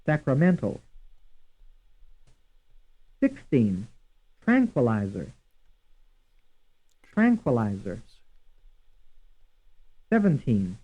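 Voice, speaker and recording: A man reading a language course drill slowly and deliberately, saying each word twice. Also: medium pitch, slightly rough. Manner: reads words twice, evenly paced. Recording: tinny, phone-like old course audio.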